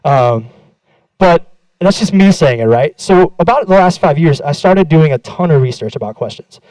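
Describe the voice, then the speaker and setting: Speaking at a moderate pace with lively intonation, this young conference speaker has a darkish voice on the high side. He is candid, cheerfully profane, and self-mocking, acting out quoted exchanges from his anecdotes on stage. The audio is dry and poor.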